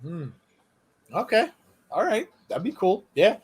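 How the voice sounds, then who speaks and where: A man co-hosting a wrestling podcast in casual chat, reading out listener comments and exclaiming loudly at them. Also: high-pitched, big pitch swings, unhurried, husky. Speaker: podcast co-host.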